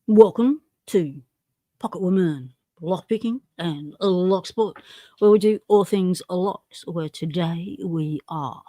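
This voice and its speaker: A woman's voice: on the low side, a little mellow, no room sound, studio quality. An Australian woman hosting a casual livestream, chatty and self-deprecating, greeting viewers one by one by name. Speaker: livestream host.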